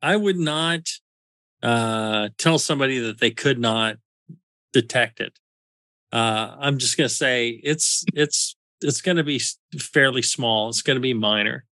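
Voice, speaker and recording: A man's voice: mid-range voice, measured pace, bright, forceful tone, dry recording. A man hosting a casual podcast chat, explaining in a chatty way with many fillers. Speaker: podcast host.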